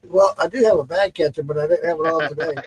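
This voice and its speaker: A man's voice: a little high, fast talker, slightly rough, rough recording. A man from Missouri chatting casually and laughing easily on a podcast. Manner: laughing, easygoing. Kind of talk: casual chat.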